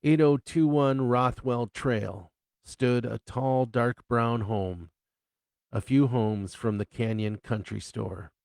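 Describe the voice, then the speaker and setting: A man reading his own novel aloud as an unhurried storyteller with crude humor. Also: mid-range voice, vocal fry, a little mellow, no room sound. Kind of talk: live reading of fiction.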